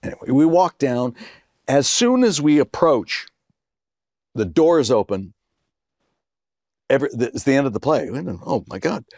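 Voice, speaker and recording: A man in his sixties telling a story in casual chat, animated, acting out the voices he quotes. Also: medium pitch, moderate pace, long pauses, dry recording, clean studio sound. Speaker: guest actor.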